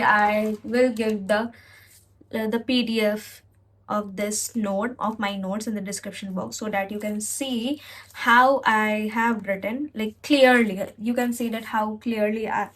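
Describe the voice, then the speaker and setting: A woman's voice: on the high side, measured pace, fairly bright tone, rough recording. A woman presenting a casual tutorial vlog as an English learning host, reassuring her viewers and often correcting herself mid-sentence. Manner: spells out words and demonstrates pronunciation.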